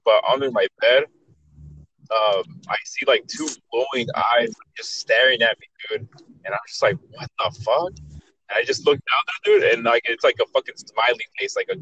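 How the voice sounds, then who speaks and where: A man's voice: mid-range voice, normal speed, fairly bright tone, husky, dull audio. A young man telling creepy stories in a casual chat, rambling with heavy slang, swearing and many restarts.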